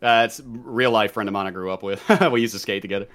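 Fast-talking man with a mild Southern accent. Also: fairly low pitch, steady tone, a bit bright. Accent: Southern American. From Southern United States. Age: 30s. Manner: rambling, laughing, swears casually. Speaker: podcast guest. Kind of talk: casual podcast chat.

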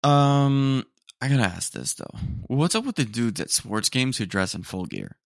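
A man's voice: mid-range voice, expressive, moderate pace, gravelly, no room sound, studio quality. Rambling young man saying "dude" a lot. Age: young adult. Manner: rambling, slangy, says "dude" often, mock-indignant. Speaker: podcast host. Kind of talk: casual solo podcast rant. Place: room at home, roommates nearby.

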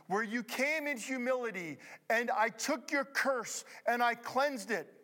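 A middle-aged man preaching with a high, reedy voice. He swings from ringing emphasis down to quiet, confiding asides, the pace speeding up and slowing down as he drives his points home. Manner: dramatic preaching with wide swings between loud emphasis and hushed asides. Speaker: pastor. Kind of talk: sermon.

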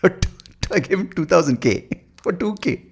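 A man putting on a snobbish Indian man who fakes rolled American R's, in a slow, drawn-out mocking voice. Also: high voice, expressive, gravelly, bright, forceful tone, husky, pitched above the performer's own voice, full character voice. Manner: drawling, exaggerated mockery.

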